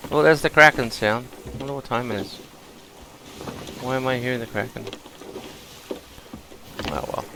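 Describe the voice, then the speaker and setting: A man's voice: medium pitch, moderate pace, gravelly, pauses often, sharp tone, a little hiss or hum, low-quality recording. A man hosting a gaming video, chatting casually and thinking aloud as he plays. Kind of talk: relaxed gameplay commentary.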